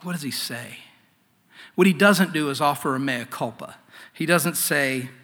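A man's voice: fairly high pitch, expressive, measured pace. Man preaching in a reverberant hall. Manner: earnest, swings from loud to hushed. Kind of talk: sermon.

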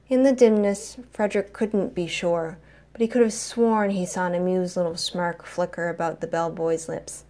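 A woman narrating a story in an expressive, dramatic reading style. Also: lowish voice.

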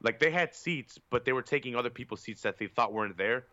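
A man's voice: medium pitch, fast talker, pushed and bright, no echo, highs cut off. A man on a podcast telling a long, profane, rambling story in casual chat, with lots of fillers. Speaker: podcast co-host.

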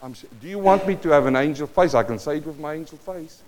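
South African pastor preaching with big swings. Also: male voice, fairly high pitch, lively intonation, fast. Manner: dynamic preaching, swinging between hushed and loud. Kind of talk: sermon.

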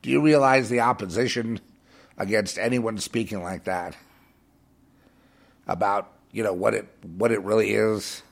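A man's voice: fairly low pitch, steady tone, measured pace, gravelly, long pauses. A man preaching on air in a fervent, scornful monologue, hammering points home by repeating phrases. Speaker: radio preacher.

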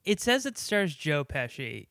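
A man's voice: a little high, big pitch swings, measured pace, vocal fry, a bit bright, dry recording, clean studio sound. A man co-hosting a casual movie review, chatty and digressive, full of trivia. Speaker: podcast co-host.

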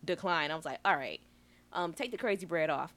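A woman co-hosting a podcast, telling a story in a lively, slangy way and acting out both sides of phone calls. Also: sits low, a little fast. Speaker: podcast co-host. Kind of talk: casual chat.

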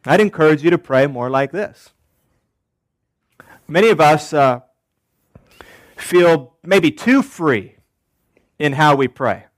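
A man preaching a sermon as pastor, deliberate, repeating key phrases and asking the congregation rhetorical questions. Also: on the high side, lively intonation, no echo.

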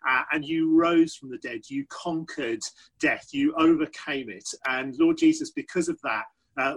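A man leading an earnest spoken prayer, pausing often with uhs. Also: a little high, breathy edge, poor audio. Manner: earnest, halting with frequent uhs. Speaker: prayer leader.

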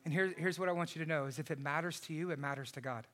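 Bright-voiced impassioned male preacher. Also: on the high side, racing. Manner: impassioned preaching, shouting at peaks then dropping soft. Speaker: pastor. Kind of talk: sermon.

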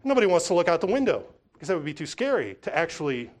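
A pastor preaching a sermon, with emphatic, repeating phrases and frequent restarts. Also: male voice, a little high, very animated, rapid-fire, a little mellow. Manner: acts out voices of others when telling stories.

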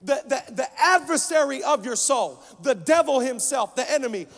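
A young man preaching a sermon at a conference, swinging between shouted lines and quieter storytelling. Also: very high-pitched, moderate pace, gravelly. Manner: energetic, shouting punchlines then dropping to storytelling. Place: large conference hall. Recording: long hall reverb.

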